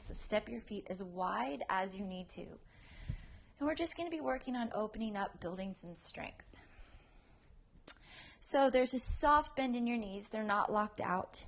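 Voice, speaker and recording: A woman's voice: mid-range voice, a little hiss or hum. A woman teaching a prenatal yoga class, cueing breaths, counting down pulses and encouraging her students. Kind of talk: guided yoga class instruction.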